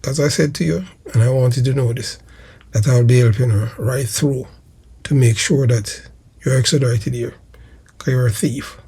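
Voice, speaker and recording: On his commentary channel, a Jamaican host tears into his target in a slow, emphatic monologue that keeps circling back on itself. His ordinary male-pitched voice is husky and gravelly, threaded with rough fry, yet the tone stays warm.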